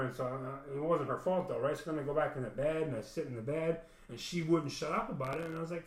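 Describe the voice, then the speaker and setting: A man's voice: fairly high pitch, brisk. A man telling a personal story in a rambling, profane casual monologue, full of "man". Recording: echoey room.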